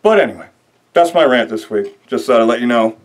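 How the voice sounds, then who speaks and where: A young man hosting a show, delivering an excitable comedic rant full of rambling fillers. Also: medium pitch, fairly quick. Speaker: host.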